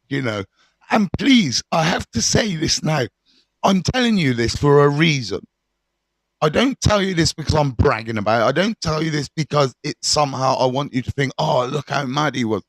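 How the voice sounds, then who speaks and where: A middle-aged English man with a mid-pitched voice tells his own story to camera. He talks candidly and animatedly, dropping slang and swearing as he goes. The sound is close and dry. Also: no room sound. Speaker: addiction recovery mentor.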